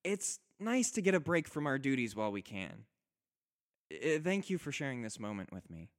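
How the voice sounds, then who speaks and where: A man's voice: medium pitch, big pitch swings, moderate pace, voice pushed up, natural voice. A man voicing a spirited young woman warrior who teases her husband and pleads with him in tears. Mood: playful teasing. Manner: teasing, then tearful and earnest.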